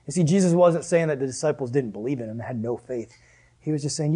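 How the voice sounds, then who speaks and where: A man preaching a sermon as a pastor, animated and joking, often laughing between points. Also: medium pitch, quick pace, slightly rough.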